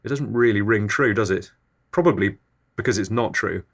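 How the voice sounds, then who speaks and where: A man delivering an absurdist comic monologue as a podcast host in a deadpan, low-key way. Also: moderate pace.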